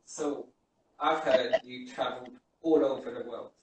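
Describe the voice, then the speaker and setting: A radio host in a casual interview asks his questions slowly, in a teasing way. He is heard from a distance in a very echoey room with faint background ambience. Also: mid-range voice, steady tone, background noise. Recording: roomy, off-mic with faint ambience.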